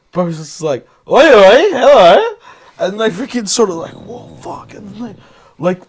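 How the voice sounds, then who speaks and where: A man's voice: fairly high pitch, a little mellow. A man co-hosting a casual podcast, telling crude anecdotes and laughing as he goes. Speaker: podcast co-host. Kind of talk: casual chat.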